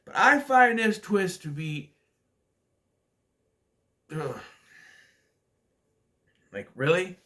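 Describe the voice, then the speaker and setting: A man's voice: high-pitched, very animated, extremely slow, long pauses, sharp tone. A man casually reviewing a movie for his vlog, rambling with many restarts and acting out scenes. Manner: rambling, hesitant, many restarts and acted-out quotes.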